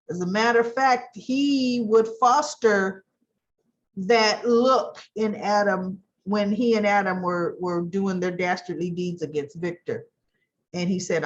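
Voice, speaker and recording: A woman's voice: measured pace, highs cut off. A woman casually recapping soap opera episodes, chatty, often acting out the characters' lines in changing voices. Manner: chatty, acts out characters' lines with shifting pitch.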